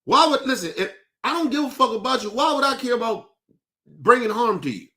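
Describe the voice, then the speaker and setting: Heated, cursing man with a high voice. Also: big pitch swings, brisk, sharp tone. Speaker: podcast host. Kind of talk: profane rant on a talk show.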